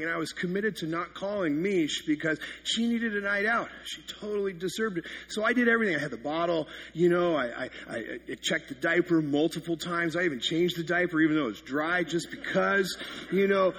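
Husky-voiced man preaching with humor. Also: high-pitched, a bit bright. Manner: self-deprecating storytelling with comic exaggeration. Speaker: pastor. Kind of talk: sermon.

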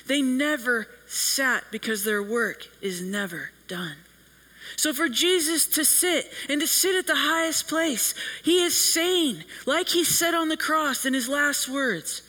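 A man preaching a sermon in an earnest, measured way, with long pauses between phrases. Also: very high voice, sharp tone, low-quality recording.

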